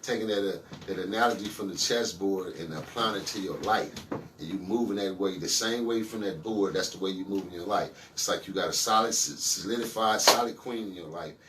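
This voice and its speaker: A man hosting a casual podcast with a Los Angeles accent, talking in an animated, profane way with hype interjections. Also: sits low, fairly quick, far from the mic, noisy background. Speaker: podcast host.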